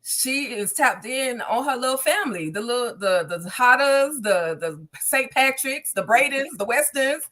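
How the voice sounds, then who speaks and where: A woman co-hosting a casual TV episode review, talking quickly and emphatically and repeating her points. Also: sits high, animated, bright, forceful tone. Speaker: co-host.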